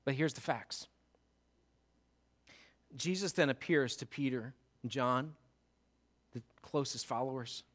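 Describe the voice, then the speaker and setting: A man preaching a sermon as pastor, animated, moving between loud storytelling and hushed emphasis. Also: mid-range voice, takes it slowly, long pauses.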